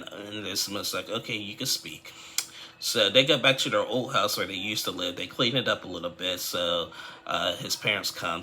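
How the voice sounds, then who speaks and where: Chatty man with a very bright voice. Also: on the low side, a little hiss or hum. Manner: chatty, rambling, many fillers and restarts, acts out quotes. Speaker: TV recap vlogger. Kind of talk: casual reality TV recap.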